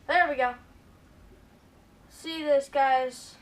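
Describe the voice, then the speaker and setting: A woman hosting a gaming video, giving excitable gameplay commentary and often calling out to her viewers. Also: sits high, measured pace, pauses often, recorded from a distance. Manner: excitable, keeps addressing viewers as "guys".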